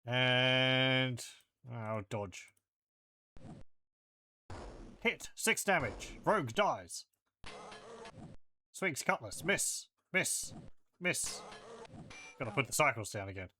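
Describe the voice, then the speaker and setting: Male let's-play host, slow and bright-toned, thinking aloud. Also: medium pitch, animated, slight background noise. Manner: thinking aloud, reading game text and combat results. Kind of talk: casual gameplay commentary.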